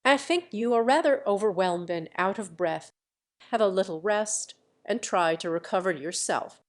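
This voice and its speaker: A woman's voice: medium pitch, expressive, normal speed, lightly acted. A woman voicing a proud young woman who speaks in a composed, coolly businesslike way.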